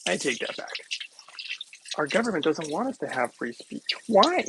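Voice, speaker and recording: A man vlogging while making a smoothie, talking in a playful, rambling way to his viewers and laughing often. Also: a little high, very animated, normal speed, very noisy. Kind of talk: casual rambling monologue to camera.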